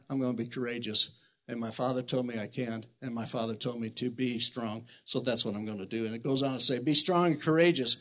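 A middle-aged man preaching a sermon, earnest and emotional, restarting sentences and quoting Scripture, shifting from quiet reflection to loud exhortation. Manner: swings between soft reflective lows and loud exhortation.

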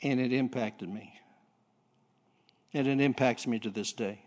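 A man preaching a sermon, telling a story with halting repeats and throat clearing, then climbing to loud excited peaks. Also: medium pitch.

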